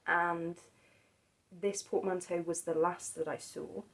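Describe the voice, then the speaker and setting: A woman talking casually about old horror films, soft-spoken and hesitant, with many pauses and restarts. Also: on the low side, fairly even intonation, poor audio. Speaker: film vlogger.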